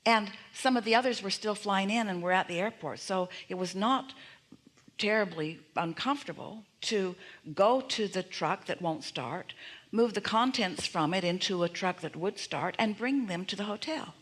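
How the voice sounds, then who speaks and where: Seminar teacher, woman, talks as "we", emphatic and repetitive, mid-pitched. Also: normal speed. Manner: speaks as "we", emphatic repeated affirmations, rhetorical questions. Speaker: seminar speaker. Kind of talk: motivational teaching to an audience.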